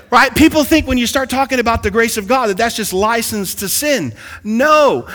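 A man preaching a sermon as pastor to his congregation, calling out to them and building to excited bursts. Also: high voice, moderate pace. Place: large church sanctuary. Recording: long hall reverb.

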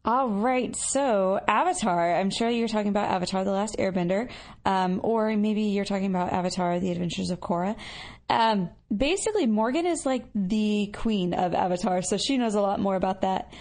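Woman, podcast host, casual chat, upbeat, gravelly fry. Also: mid-range voice, moderate pace, a little mellow. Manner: chatty, upbeat, filler-heavy. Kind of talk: casual chat reading listener messages.

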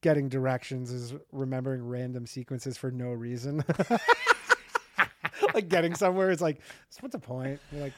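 A man in his thirties co-hosting a podcast, laid-back and profane, trading quick asides. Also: mid-range voice, steady tone, a little mellow, no room sound. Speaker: podcast co-host. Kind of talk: casual chat.

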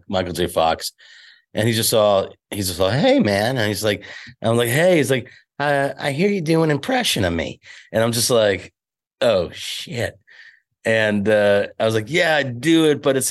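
A comedian telling a quick anecdote in casual chat, jumping into loud impressions. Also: male voice, lowish voice. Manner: animated, jumps into loud impressions. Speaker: comedian guest.

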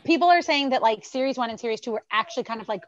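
A woman's voice: on the high side, rapid-fire, no echo. Chatty Canadian woman on a dull call line. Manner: chatty, teasing, animated storyteller. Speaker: podcast guest and mother. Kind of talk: casual chat. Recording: dull, dry remote call audio.

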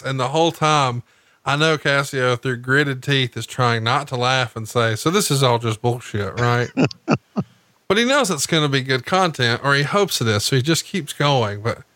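Man, bright voice, profane, animated storytelling, dry close sound. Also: mid-range voice, normal speed, dry recording. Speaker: podcast co-host. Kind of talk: casual commentary while watching wrestling.

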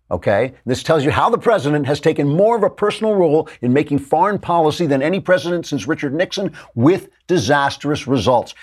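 Sarcastic guy doing political commentary, reads stuff out and mocks it, voice bouncing all over. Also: on the low side. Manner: sarcastic, mocking; reads quotes aloud and interjects. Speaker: host.

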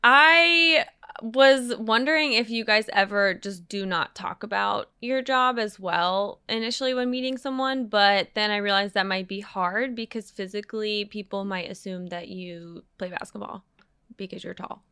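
Bright, bubbly woman podcast host. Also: medium pitch, moderate pace, clear, resonant tone. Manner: bubbly, laughs often. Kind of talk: casual podcast chat.

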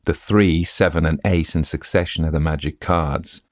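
A man's voice: extremely low pitch, fairly even intonation, moderate pace, no echo, studio quality. A man reading a story aloud and voicing the ghost of an old countess who speaks abruptly and solemnly.

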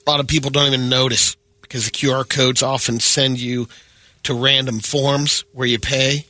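A man reading news items on a morning radio show, steady with dry asides. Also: medium pitch, moderate pace, no echo. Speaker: radio news segment host.

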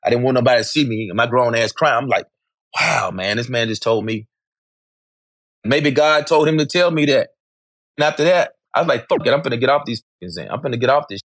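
A man's voice: medium pitch, quick pace, fairly bright tone, no echo, clean studio sound. A middle-aged man, speaking candidly as an interview guest, emphatic and repetitive, swearing freely.

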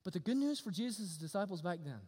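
A man preaching a sermon, animated, swinging from loud to hushed. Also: high-pitched, quick pace, slightly rough. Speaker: pastor. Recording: long reverb of a hall.

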